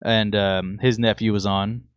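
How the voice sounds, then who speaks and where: A young man co-hosting a podcast, telling stories in a relaxed, casual chat and laughing easily. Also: fairly low pitch, a little slow, smooth, no echo. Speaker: podcast co-host.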